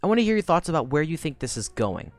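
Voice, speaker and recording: A young woman streamer chatting casually into a desk mic, rambling and energetic, swearing freely. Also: low-pitched, fast, faint music behind. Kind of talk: casual live-stream chat.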